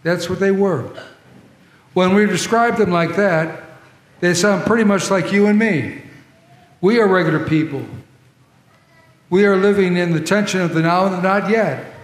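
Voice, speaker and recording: A man's voice: high-pitched, moderate pace, pauses often. A male pastor preaching a sermon in a church, conversational, with asides to the congregation. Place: large church sanctuary. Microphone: troublesome handheld or body mic. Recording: echoey church hall with long reverb.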